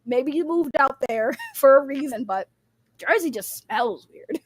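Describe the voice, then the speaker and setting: A woman's voice: sits high, animated, a little slow, no echo, clean studio sound. A young woman, rambling bluntly in casual livestream commentary, laughing often and swearing freely.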